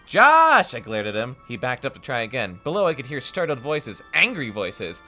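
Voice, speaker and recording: A man reading a book aloud on a podcast, sarcastic and loud in the dialogue lines. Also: lively intonation, brisk, soft background music. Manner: sarcastic, shouts character lines in a high voice. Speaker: podcast host. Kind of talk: casual reading aloud with jokes.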